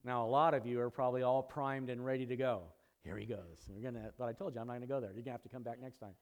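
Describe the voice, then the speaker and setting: A man preaching a conversational sermon in a church, teaching with casual asides and growing louder and higher when excited. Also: racing, smooth. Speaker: pastor. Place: church sanctuary.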